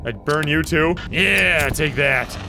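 A man's voice: on the high side, slow pace, gravelly. A man giving let's-play commentary on a horror game, jumpy, often shrieking and laughing nervously. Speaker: gaming commentator. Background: game music.

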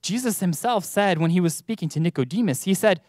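A man preaching a sermon in church, earnest, with emphatic rises and slow stressed words. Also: high-pitched, lively intonation, darkish tone, dry recording, clean studio sound.

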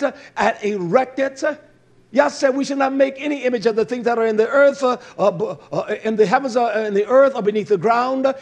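A male preacher delivering a fervent, blunt sermon, repeating his phrases and calling out to the congregation. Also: extremely high pitch.

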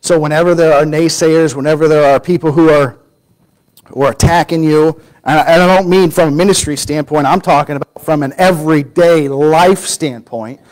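Man preacher, higher voice, lively sermon delivery that swings between raised quotes and quiet emphasis. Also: moderate pace, rough recording. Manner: animated storytelling, acting out quoted voices, drops to a near-whisper for emphasis.

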